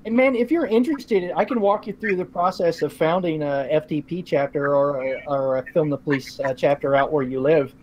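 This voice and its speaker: A man's voice: a little high, brisk, few pauses, a little mellow, dull audio. A man co-hosting a live stream, talking informally and earnestly with some hesitations. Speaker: co-host. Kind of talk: casual live-stream chat.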